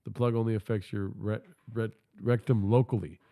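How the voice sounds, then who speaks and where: A man's voice: lowish voice, steady tone, moderate pace, warm tone, dry recording. Polite synthetic male assistant voice. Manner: polite, careful, advice-giving. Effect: text-to-speech voice. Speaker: AI chat assistant. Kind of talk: scripted assistant replies.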